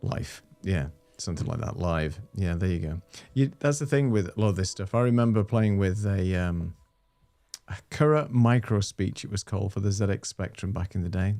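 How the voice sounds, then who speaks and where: A man's voice: low-pitched, normal speed, dark tone. A man hosting a casual live stream chat, easygoing and chatty with frequent fillers. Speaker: host.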